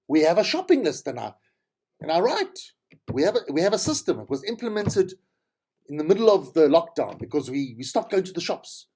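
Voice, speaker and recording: A man's voice: high-pitched, a little mellow, husky. A middle-aged man with a South African accent, telling rambling, tangential stories as a podcast host. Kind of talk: casual monologue.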